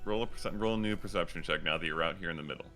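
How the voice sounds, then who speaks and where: Low bright-toned man narrating a tabletop game. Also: faint music behind. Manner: slow, descriptive scene-setting with frequent fillers. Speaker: dungeon master.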